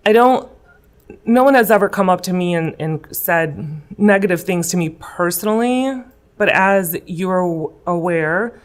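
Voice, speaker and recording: A woman in her thirties, from Illinois, answering interview questions in an earnest, emotional way with many fillers. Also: fairly low pitch. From West Chicago, Illinois. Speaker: guest, political candidate. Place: school room.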